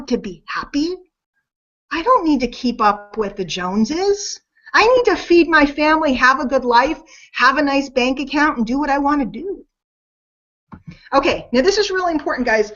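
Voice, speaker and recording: A woman's voice: high voice, a bit bright, lo-fi sound. A middle-aged woman hosting a casual sales webinar, talking in a chatty, rambling, self-deprecating way. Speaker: webinar host.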